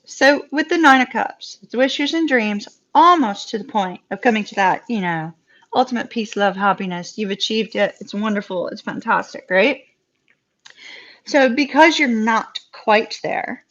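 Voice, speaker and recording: A woman with a Southern US accent giving a live tarot reading, chatty and reassuring and quick to laugh. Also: a little high, lively intonation, fairly bright tone. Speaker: tarot reader. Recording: dull lo-fi live-stream audio.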